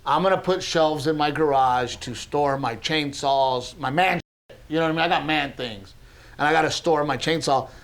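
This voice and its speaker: A man hosting a podcast, telling stories in an animated, casual way and saying "dude" a lot. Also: a little high, moderate pace. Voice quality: animated storyteller, says "dude" often. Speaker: podcast host. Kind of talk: casual chat.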